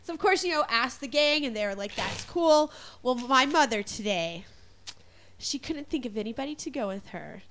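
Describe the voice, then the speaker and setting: Woman radio co-host, high voice, giggly, gushing, casual chat. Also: expressive, moderate pace, a bit bright.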